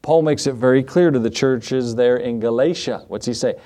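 A man's voice: mid-range voice, moderate pace, dark tone. A male pastor preaching in church in a conversational way, quizzing the congregation and cracking jokes. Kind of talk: sermon.

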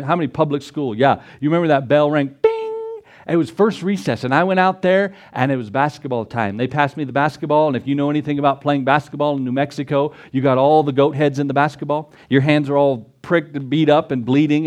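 A middle-aged man preaching a sermon, animated and storytelling, with excited peaks. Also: fairly high pitch. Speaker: pastor.

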